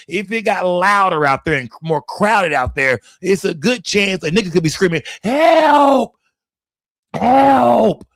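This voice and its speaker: Texan livestream host, drawl, fairly high voice, loose and profane, close dry mic. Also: male voice, fairly bright tone, no echo. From Texas. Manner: loose, profane, talks straight to chat. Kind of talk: casual livestream commentary.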